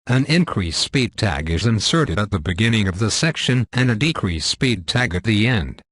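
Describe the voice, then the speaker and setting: A man reading a scripted software tutorial in a measured, step-by-step instructional manner. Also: on the low side, lively intonation, no room sound, clean studio sound.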